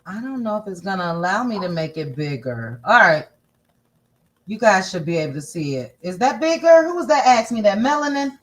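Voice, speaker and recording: A woman's voice: mid-range voice, lively intonation, normal speed. A woman hosting a casual celebrity gossip livestream, chatty and sassy, thinking aloud as she scrolls through posts. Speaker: gossip channel host.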